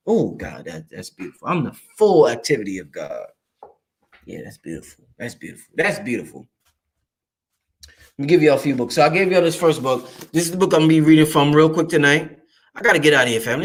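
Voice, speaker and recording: A man, hosting a show in a loud, excitable monologue that swings up and down and breaks into laughter. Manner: loud, excitable, swings high and low, laughs often, swears freely. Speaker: show host. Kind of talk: animated livestream monologue.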